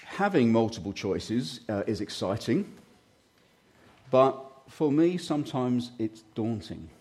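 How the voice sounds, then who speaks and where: A man in his fifties preaches a sermon with a slight frog in his throat, his medium-pitched voice very animated, slow, and a little mellow. He talks conversationally, with hesitant fillers and self-deprecating asides.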